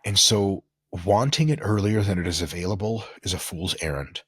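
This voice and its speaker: A man talking as a guest on a podcast, animated and profane, often acting out the voices of the people he quotes. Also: sits low, normal speed, husky, no echo, studio quality. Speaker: guest coach and sports scientist. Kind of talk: casual podcast conversation.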